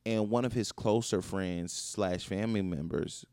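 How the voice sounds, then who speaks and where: A man's voice: on the low side, steady tone, measured pace, a little mellow, clean tone, dry recording, studio quality. A man co-hosting a casual podcast chat, earnest and reflective, speeding up when he quotes other people. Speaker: podcast co-host.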